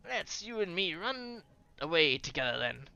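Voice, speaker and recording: Flirty London woman with a teasing manner and lively voice, put on by a reader. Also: on the low side, moderate pace, vocal fry, clear, resonant tone, lo-fi sound, exaggerated voice. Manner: teasing, affectionate.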